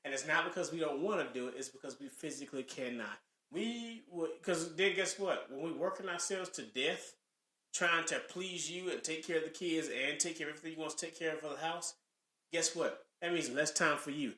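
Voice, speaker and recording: Animated high-voiced man ranting. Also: brisk. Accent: Southern US. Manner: animated, preachy rants with mock voices. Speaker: podcast co-host. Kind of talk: casual podcast chat. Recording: echoey room.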